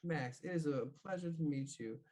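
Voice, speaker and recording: Guy doing a loud friendly shop lady, drawls, swears a bunch, tabletop game. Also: fairly high pitch, normal speed, lightly acted. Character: brash friendly woman shopkeeper, foul-mouthed.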